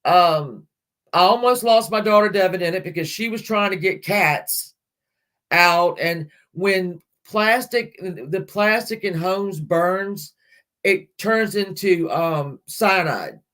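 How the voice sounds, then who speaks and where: A woman's voice: on the low side, takes it slowly, a bit bright. A middle-aged woman hosting a livestream, chatting casually with viewers in a rambling way, laughing often and swearing lightly. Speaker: livestream host.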